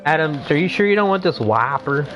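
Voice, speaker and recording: Young male streamer, casual game commentary, swears a lot, lively animated pitch. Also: fairly quick, lo-fi sound, soft background music. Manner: excitable, swearing, rambling asides.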